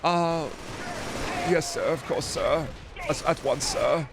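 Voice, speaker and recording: A man's voice: a little high, slow, vocal fry, background noise, voice pushed up. A man voicing a meek male game developer who eagerly obeys his boss, with game gunfire in the background. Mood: servile. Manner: servile, eager to please.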